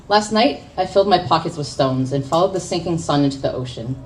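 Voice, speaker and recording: A young woman from the United States performing spoken word poetry at a café open mic, with awkward self-deprecating asides between impassioned poems. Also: sits low. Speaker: poet. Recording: distant mic with faint room noise.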